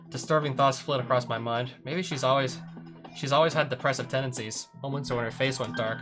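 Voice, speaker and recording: A man's voice: medium pitch, fairly even intonation, quick pace. A man narrating a visual novel, reading the hero's tense inner monologue. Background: background music.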